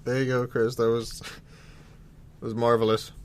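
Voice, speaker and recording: A man in casual podcast banter, dry and teasing, nudging his co-hosts along from one bit to the next. His voice sits at an ordinary middle pitch. He talks in an easygoing, conversational way. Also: completely flat delivery, normal speed. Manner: dry, teasing, steers the show. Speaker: podcast co-host.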